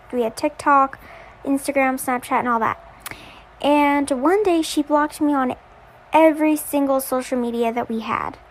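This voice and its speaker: A young woman with a high voice tells a personal story in a casual way. She hesitates often and fills gaps with ums. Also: slight background noise. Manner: hesitant, lots of fillers.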